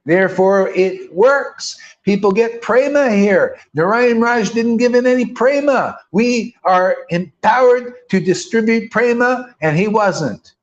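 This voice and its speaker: Emphatic high-voiced male preacher. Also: measured pace, hardly any pauses. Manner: emphatic, colloquial and rhetorical. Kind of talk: sermon. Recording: dull lo-fi recording.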